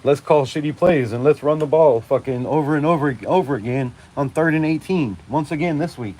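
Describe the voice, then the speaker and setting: Man in his forties, live-stream rant, swearing a lot, mellow dark voice. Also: a little high, fairly quick. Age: 40s. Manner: profane, emphatic, laughing often. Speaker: fan channel host. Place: outdoors at night during a storm.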